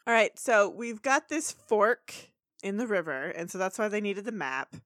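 A woman co-hosting a casual podcast, narrating a cartoon plot in a chatty way, with excited bursts. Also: mid-range voice, normal speed, no echo, clean studio sound. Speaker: podcast co-host. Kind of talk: casual chat recapping a cartoon episode.

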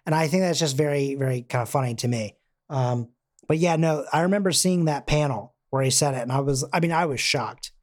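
A man's voice: a little high, fairly quick. A man co-hosting a casual podcast chat about comics, talking loosely and acting out quotes in put-on voices. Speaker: podcast co-host.

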